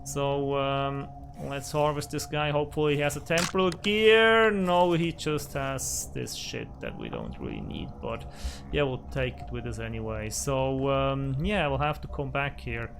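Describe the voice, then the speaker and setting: A man's voice: mid-range voice, big pitch swings, measured pace, vocal fry, a bit bright, faint music behind. A man hosting a let's play, commenting on his survival game and swearing at it in frustration. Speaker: gaming channel host. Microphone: desk microphone.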